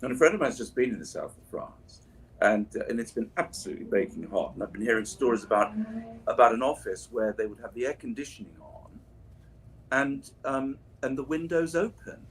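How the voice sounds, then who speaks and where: A man's voice: mid-range voice, lively intonation, fairly quick, breathy edge. A voice actor chatting casually on a livestream while signing prints, drifting through anecdotes and restarting his sentences. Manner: rambling, anecdotal, many restarts and asides.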